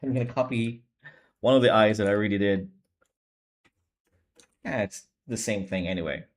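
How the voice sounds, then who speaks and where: Speaking at a normal speed in a fairly low pitch, this sleepy young man is live-streaming as he draws manga. He's low on energy, and his casual chatter wanders in a relaxed way that keeps circling back to fix itself.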